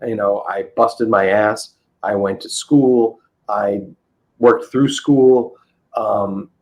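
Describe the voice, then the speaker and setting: The recording is rough, and the middle-aged man's voice is fairly low. He's a comic book dealer guesting on a podcast, telling casual stories in an excited, wandering manner with lots of restarts.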